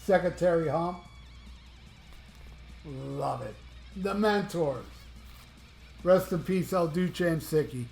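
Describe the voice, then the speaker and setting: Rambling, high-voiced metal fan in an echoey room. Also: male voice, slow pace, long pauses, darkish tone. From Florida. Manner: rambling, enthusiastic, swears freely. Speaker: music vlogger. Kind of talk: casual chat. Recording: echoey room with music playing.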